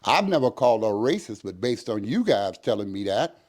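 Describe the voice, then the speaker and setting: Lowish in pitch and fairly quick, an older man who used to be a prison captain is interviewed. He tells a story animatedly, putting on the voices of the people he quotes.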